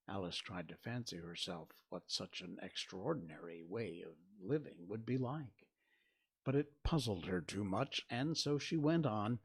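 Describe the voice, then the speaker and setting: A man's voice: low voice, expressive, normal speed, husky. A man reading a storybook aloud as narrator. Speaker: reader.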